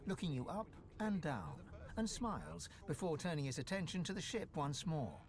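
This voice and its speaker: A man reading scripted video game narration in a measured, descriptive storytelling manner. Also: fairly high pitch, sing-song.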